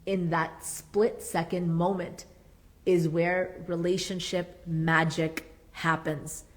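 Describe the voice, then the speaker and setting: A woman's voice: on the low side, level tone, takes it slowly. A woman psychotherapist leading a marriage workshop. She talks earnestly and emphatically, repeats her key points and adds playful asides. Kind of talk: workshop talk.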